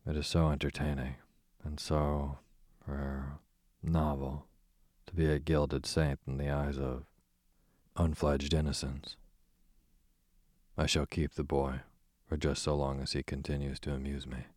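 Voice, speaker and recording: A man voicing a smooth, sarcastic aristocratic duke with a dry, drawling manner. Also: a bass voice, little pitch movement, unhurried, a little mellow, no room sound. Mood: sardonic. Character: sardonic aristocratic male duke, languid and smooth.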